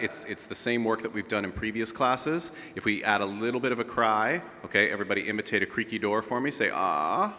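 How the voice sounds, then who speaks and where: A man's voice: lowish voice, pushed and bright, long reverb tail. A man teaching a live group voice lesson as a vocal coach, explaining technique and demonstrating sounds.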